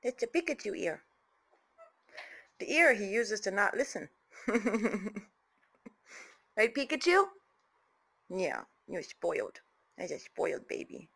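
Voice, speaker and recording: A woman talking baby talk to her pet bird at home, cooing and sometimes dropping to soft whispers. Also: medium pitch, big pitch swings, slow pace, creaky, long pauses, slightly rough.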